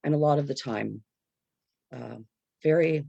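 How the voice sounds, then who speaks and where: An earnest panel speaker talks in halting bursts, stopping to search for words and filling gaps with lots of fillers. The voice has a gravelly, creaky edge and sits in a middle pitch. It comes over a video call with a dry, close sound and no room echo. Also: expressive, dull audio. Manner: earnest, with nervous laughs. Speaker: panel speaker at a campaign discussion. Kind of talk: unscripted discussion.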